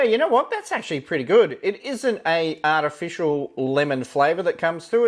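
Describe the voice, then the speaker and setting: Tasting ration food, a slightly high-voiced man gives laid-back commentary, thinking aloud as he goes. "Yeah, look" opens many of his remarks, and he lingers on fillers.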